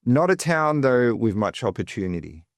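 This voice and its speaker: A man's voice: medium pitch, big pitch swings, moderate pace, no room sound, studio quality. A man with an Australian accent telling his life story as an interview guest, chatty and digressive with lots of fillers. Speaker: guest, financial advisor.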